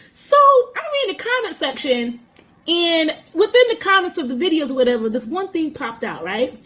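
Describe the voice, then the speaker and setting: A woman's voice: sits high, very animated, normal speed, a bit bright. A woman venting in a reaction clip, exasperated and swearing often.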